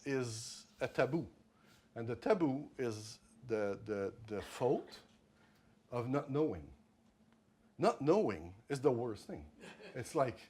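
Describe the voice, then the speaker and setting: A man's voice: medium pitch, breathy edge. Quebecois man telling anecdotes at a talk. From Quebec, Canada. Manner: animated storytelling, many restarts and repeated words. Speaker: author giving a library talk. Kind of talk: conversational talk to an audience. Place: library event room.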